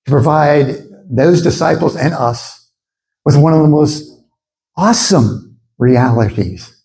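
Man preaching a sermon, kinda high voice, mellow, very animated. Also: gravelly, rough recording. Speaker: pastor.

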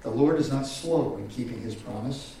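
A pastor preaching a sermon, often repeating words and swinging from loud highs to quiet lows. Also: male voice, moderate pace, a little hiss or hum. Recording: echoey hall from far off.

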